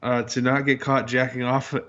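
A man's voice: medium pitch, little pitch movement, a little fast, fairly bright tone. A young man in casual comedic chat, joking and riffing with a friend. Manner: joking, laughing, doing goofy voices. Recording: dull lo-fi sound.

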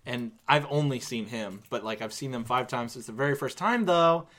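A man's voice: mid-range voice, expressive, moderate pace, fairly bright tone. A young man, a musician co-hosting a casual podcast, telling stories and joking. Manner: chatty storyteller, joking.

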